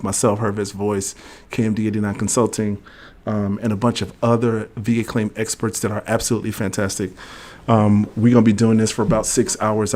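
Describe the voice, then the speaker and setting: A man's voice: fairly low pitch, a little mellow. A middle-aged man hosting a livestream. He explains regulations casually, reads legal text aloud, and jokes with viewers in the chat. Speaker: host of a veterans' benefits livestream.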